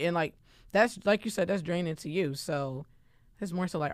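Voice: mid-range voice, normal speed, no echo. A podcast co-host in casual chat who talks loosely and animatedly, using lots of slang and filler words.

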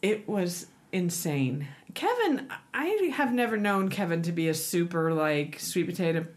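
A woman in her forties telling a lively story in casual chat, her pitch jumping up for emphasis. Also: measured pace.

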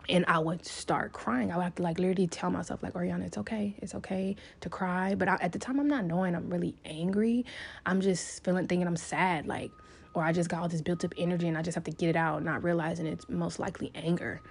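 A woman's voice: on the low side, fairly even intonation, fast talker, creaky, husky. A woman talking casually and openly to camera, rambling with lots of fillers as she shares a personal story. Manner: rambling, many "like" fillers, open and confessional. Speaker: vlogger.

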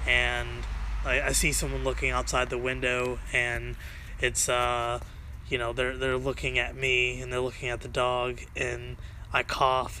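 Hesitant male podcast host, bright voice. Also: mid-range voice, a little hiss or hum, poor audio. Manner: halting, many ums and uhs. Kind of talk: casual chat.

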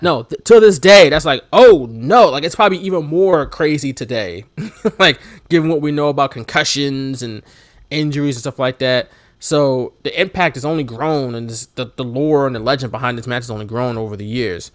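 A man co-hosting a casual wrestling chat, animated, laughing often and shouting out imitations of commentators. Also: medium pitch, brisk, dry recording. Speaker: podcast co-host.

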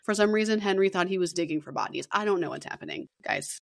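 A woman's voice: lowish voice, fast, gravelly. A woman in her thirties co-hosting a casual podcast over a video call, telling stories with lots of swearing and acting out what others said. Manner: animated storyteller, swears freely, acts out quotes. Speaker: podcast co-host. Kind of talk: casual chat.

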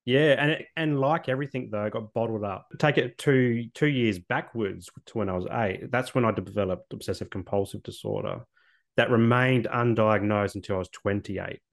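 An Australian man in his thirties with a lowish voice, talking openly about his own life as an interview guest. He speaks earnestly and a little loosely, often restarting his sentences and saying "like". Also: moderate pace, vocal fry. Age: 30s. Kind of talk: candid personal storytelling.

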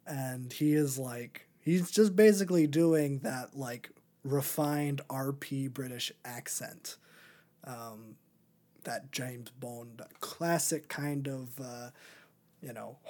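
A man's voice: mid-range voice, lively intonation, takes it slowly, dark tone. Podcast host, male, casual movie chat, hesitant and rambling, mid-range voice. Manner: rambling, many ums and restarts.

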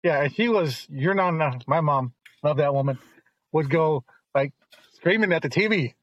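A middle-aged man, the host's father, telling long rambling stories in casual chat and turning animated when he quotes others. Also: on the high side, moderate pace, dry recording, muffled recording.

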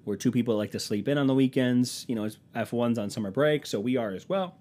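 A man's voice: mid-range voice, fast, warm tone. A man telling comic stories as a podcast host in a profane, sarcastic, self-mocking casual rant. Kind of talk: casual comedic storytelling rant.

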